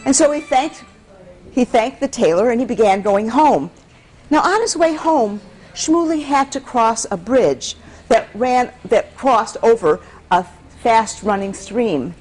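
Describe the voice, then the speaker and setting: A woman's voice: on the high side, expressive, unhurried, a little mellow, faint music behind. A woman storyteller from Michigan tells a folktale to a live audience and coaxes the listeners to repeat words after her. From Michigan, USA.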